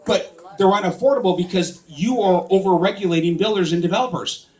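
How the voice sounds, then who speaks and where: A man with a somewhat high-pitched voice delivers a campaign speech to a live crowd. He speaks as a political candidate, stirred up and insistent, and keeps pressing his listeners with rhetorical questions. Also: a little fast, darkish tone. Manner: impassioned, fires rhetorical questions at the audience.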